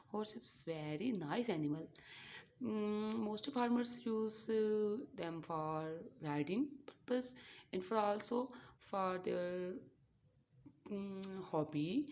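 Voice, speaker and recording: A woman's voice: medium pitch, takes it slowly, a little mellow, a little hiss or hum. A woman hosting a toy unboxing for children, explaining farm animals in simple, broken English and imitating their sounds.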